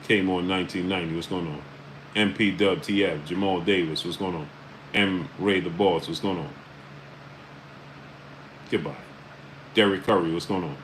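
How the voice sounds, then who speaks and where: A Brooklyn man with a New York accent hosts a casual live stream, reading out viewer names with quick greetings and speaking bluntly and emphatically. His voice sits low and steady, and the audio is poor with slight background noise.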